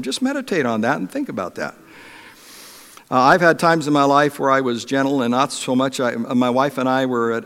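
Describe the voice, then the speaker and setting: Man preaching in a reverberant hall. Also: medium pitch. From Europe. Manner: conversational storytelling with many restarts and fillers. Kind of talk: sermon.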